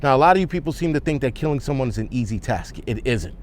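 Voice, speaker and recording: A man's voice: mid-range voice, animated, fast talker. A man ranting as a vlogger, blunt and heated, swearing often. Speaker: prepper vlogger. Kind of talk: angry opinion rant.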